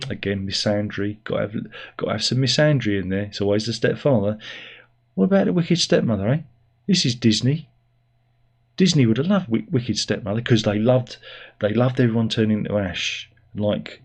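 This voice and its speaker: A middle-aged man giving a sarcastic, exasperated and rambling spoken review. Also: fairly low pitch.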